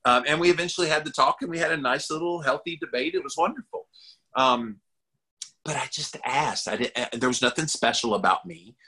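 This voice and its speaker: A man with a Southern accent, a podcast guest chatting casually and telling lively stories. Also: fairly quick, breathy edge, rough recording. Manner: animated storyteller, jumps up in pitch for quoted voices.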